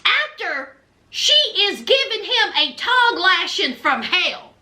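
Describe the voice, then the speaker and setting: Woman vlogger, sassy gossip recap, high bright voice, unhurried. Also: big pitch swings. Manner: sassy, dramatic, calls viewers honey and y'all.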